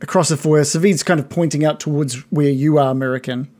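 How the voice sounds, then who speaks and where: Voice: medium pitch, steady tone, fast talker, warm tone. Hesitant game master narrating a tabletop game. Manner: hesitant, with many ums.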